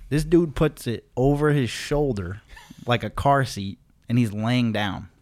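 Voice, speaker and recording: A man's voice: medium pitch, measured pace, darkish tone. A man co-hosting a podcast, telling a story in a loose, profane, laid-back way with lots of fillers. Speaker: podcast co-host. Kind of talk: casual storytelling chat.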